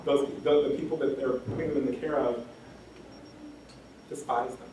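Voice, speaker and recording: An education scholar gives a lecture at a lectern, earnest and impassioned, repeating phrases for emphasis and saying "um" a lot. His medium-pitched voice is warm, with fairly even intonation and normal speed. The distant mic catches a very echoey hall and faint noise.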